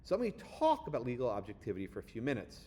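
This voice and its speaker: A man's voice: medium pitch, racing. A man giving a lecture, telling a story with sarcasm and acting out the people he quotes. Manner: animated, sarcastic, acts out quoted voices. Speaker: guest lecturer. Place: lecture hall.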